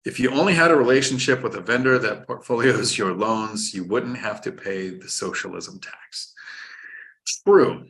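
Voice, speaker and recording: Casual male stream host, low voice, explains like a teacher, drops dad jokes. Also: moderate pace, creaky, hardly any pauses, fairly bright tone. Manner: instructive, joking, reads viewer chat aloud. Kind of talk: live-stream finance chat.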